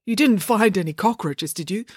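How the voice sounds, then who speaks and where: Lady reading as a panicky germ-hating dad, slow fussy ranting, odd twisted tone. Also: mid-range voice, lively intonation, a little mellow, slightly rough, dry recording, studio quality, voice pushed up. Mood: worried. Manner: anxious, fretful ranting. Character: fussy, germ-phobic middle-aged dad.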